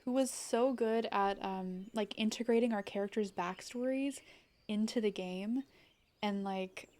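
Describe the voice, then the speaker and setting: A bubbly young woman streaming a game, talking in loose, rambling chat with plenty of fillers and bursts of laughter. Her pitch sits right in the middle for a woman. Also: measured pace, darkish tone. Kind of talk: casual live-stream chat.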